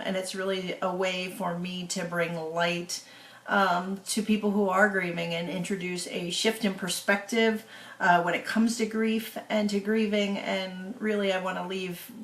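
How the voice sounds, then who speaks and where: A woman author giving a casual, tearful video update to her followers, talking slowly and haltingly with many fillers. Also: on the low side, a bit bright, reverberant.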